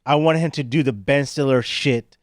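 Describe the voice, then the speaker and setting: Measured man making his point on a podcast. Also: medium pitch, no echo, clean studio sound. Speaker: podcast co-host. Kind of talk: casual chat.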